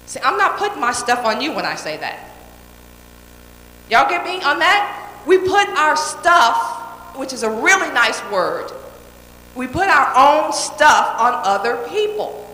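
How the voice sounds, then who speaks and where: Woman, motivational speaker, bright forceful voice, direct and emphatic, echoey hall with long reverb. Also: sits high, big pitch swings, unhurried, a little hiss or hum. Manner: direct, emphatic, repeats key phrases, checks in with the audience. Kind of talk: motivational talk to a live audience.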